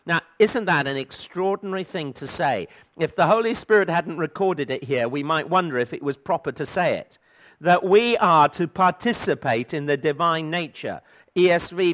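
Earnest preacher with a higher male voice. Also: lively intonation, moderate pace, fairly bright tone. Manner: earnest, emphatic, stumbles and repeats words. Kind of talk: sermon.

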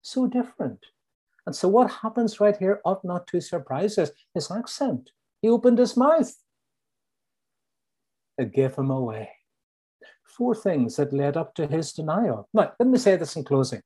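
A middle-aged man from Northern Ireland with a Northern Irish accent, preaching a sermon and slowly repeating his key lines for emphasis. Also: sits high, sing-song, mellow, breathy edge.

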